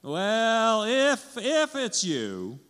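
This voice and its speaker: A man's voice: high-pitched, huge pitch swings, very slow, a bit bright, clean tone, big-room sound, pitched above the performer's own voice, heavily acted. A man voicing Peter, a frightened, doubting fisherman, with a raised, urgent and hesitant voice. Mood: doubtful.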